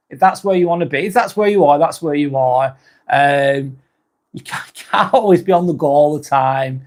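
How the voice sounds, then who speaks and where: A man hosting a casual livestream chat, reading out viewer comments, swearing casually and laughing often. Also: on the high side. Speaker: livestream host.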